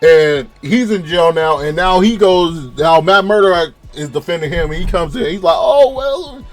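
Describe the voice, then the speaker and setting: High-voiced profane Californian man reviewing. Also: moderate pace, faint music behind. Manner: profane, rambling, animated retelling. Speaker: show reviewer. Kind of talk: casual spoken review.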